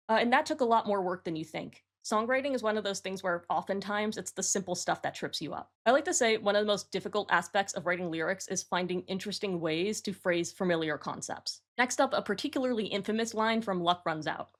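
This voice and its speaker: On her own channel, a woman speaks to camera, reworking song lyrics and explaining her choices in a matter-of-fact, analytical way. Her mid-range voice moves fairly quickly with hardly any pauses.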